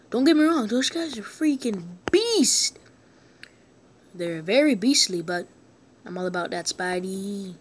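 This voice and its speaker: A woman narrates her own game session for her viewers in a loose let's-play style. She takes her time between thoughts, then jumps into excited yelps and shouts whenever the game turns on her. Her tone stays goofy and playful throughout. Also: medium pitch, unhurried, pauses often, a little hiss or hum. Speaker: gaming video host.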